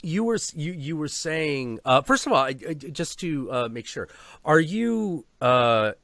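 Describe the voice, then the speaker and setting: A man hosting a casual interview over a video call, an animated storyteller who swears freely. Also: a little high, a little slow, creaky, dry recording, studio quality. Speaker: host.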